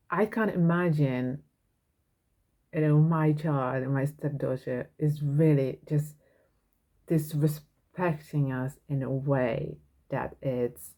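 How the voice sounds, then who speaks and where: A woman's voice: low voice, warm tone. A woman hosting a parenting podcast, talking frankly and earnestly in a casual monologue.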